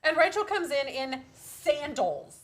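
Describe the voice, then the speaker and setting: A woman's voice: high-pitched, big pitch swings, takes it slowly, fairly bright tone. A woman co-hosting a craft livestream, chatting casually and poking fun at her own handiwork. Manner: wry, self-deprecating. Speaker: co-host. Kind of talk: casual chat while crafting.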